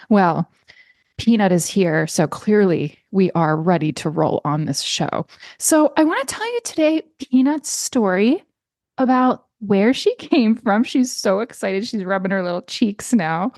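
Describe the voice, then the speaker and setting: Speaking a little slowly but expressively, a US woman runs a relaxed solo podcast from a small home room. She's warm and talkative, occasionally breaking into high-pitched baby-talk for her cat. There's no echo, and the audio sounds studio grade.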